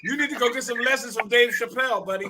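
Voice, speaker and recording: A man's voice: very high-pitched, quick pace, heavy background noise. A man hosting a casual group chat show, playful and teasing, often laughing. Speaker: host.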